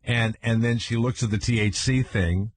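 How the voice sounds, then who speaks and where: An older man hosting a radio talk show, telling personal stories in a casual, animated way and jumping into high-pitched excited voices when he acts out scenes. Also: moderate pace, breathy edge, no room sound.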